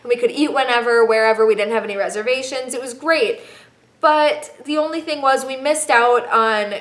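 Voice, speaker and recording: A woman's voice: on the high side, moderate pace, echoey room. A young woman in her twenties giving travel tips in a chatty, playful vlog with emphatic asides. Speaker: vlogger.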